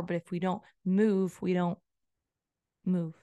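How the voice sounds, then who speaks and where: A personal development coach speaks on her own podcast in a casual solo monologue, her voice on the low side, unhurried, a little mellow, clear and resonant, with fairly even intonation. She rambles and repeats phrases while quoting her own self-talk, and the recording is dry.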